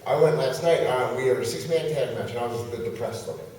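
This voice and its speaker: A man, a pro wrestler guest, telling an animated story and laughing as he goes, at a convention. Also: mid-range voice, fast, crowd noise. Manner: lively, laughing as he tells the story. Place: large convention hall. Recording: echoey hall picked up from far off.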